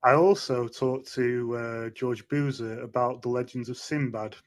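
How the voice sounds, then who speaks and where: Male interviewer, mid-pitched, hesitant questions, brief replies. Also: a little slow. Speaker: interview host. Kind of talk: casual interview chat.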